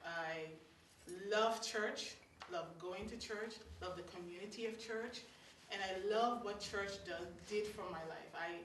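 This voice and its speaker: A woman from Guyana with a Guyanese accent, telling stories to a live audience in a lively, chatty way, laughing between lines. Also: medium pitch, background noise. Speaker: storyteller. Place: meeting hall of a religious society. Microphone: distant room mic. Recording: echoey hall from far off.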